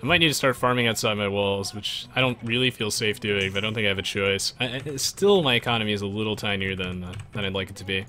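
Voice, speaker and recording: Casting: male game streamer, playful and chatty, bright forward tone, soft music behind. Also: lowish voice, fast, hardly any pauses. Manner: playful, jokey, bursts into silly voices. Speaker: gaming streamer. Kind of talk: live stream game commentary.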